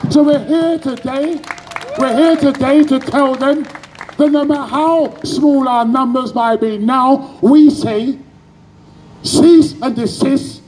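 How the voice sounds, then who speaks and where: A man's voice: very high voice, fairly even intonation, slow pace, a little mellow, a faint crowd, a little hiss or hum, rough recording. A man, giving an impassioned protest speech outdoors and leading call-and-response chants as an activist speaker.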